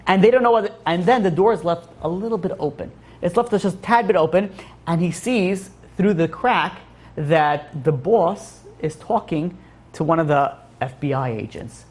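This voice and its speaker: A man's voice: high-pitched, moderate pace, darkish tone. A man, a rabbi, giving a rambling Torah lecture full of restarts and fillers. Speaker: rabbi teaching a class.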